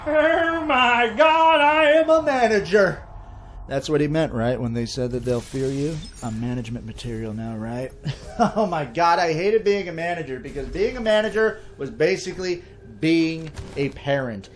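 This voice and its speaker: A man giving comedic let's-play commentary, ranting and swearing in an animated way. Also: medium pitch, normal speed, slight background noise. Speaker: gaming commentator.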